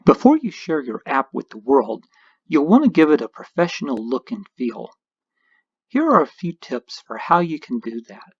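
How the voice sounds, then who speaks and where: A man's voice: on the high side, sing-song, moderate pace, breathy edge, no room sound, muffled recording. A man narrating a screencast tutorial, explaining each step patiently as an instructor.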